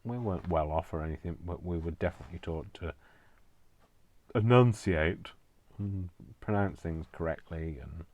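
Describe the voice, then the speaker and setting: A middle-aged man chatting casually to camera in a deep, low voice. He rambles and wanders off topic, fills gaps with ums, and pokes fun at himself as he goes. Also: normal speed, darkish tone, muffled recording. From England. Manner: rambling, self-mocking, chatty, many fillers. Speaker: crafting vlogger.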